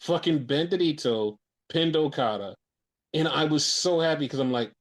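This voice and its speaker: A man with a fairly high voice hosts a loose, casual podcast and swears freely as he rants. He tells his stories with animated, excitable energy, and his heat keeps climbing. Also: normal speed. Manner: profane, heated ranting. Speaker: podcast host. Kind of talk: casual wrestling podcast chat.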